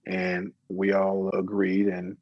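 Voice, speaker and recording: A middle-aged man, an interview guest and business owner, talking casually and telling his story with lively quoted dialogue. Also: low-pitched, slow, dry recording, highs cut off. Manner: storytelling, animated when quoting others.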